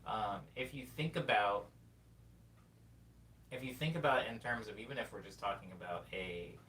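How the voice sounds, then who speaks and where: Streamer, man in his 20s, casual and rambling, reading chat aloud; a bit off-mic with a faint rumble. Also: a bit bright, distant mic. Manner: rambling and reflective, reads chat messages aloud. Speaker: livestream host.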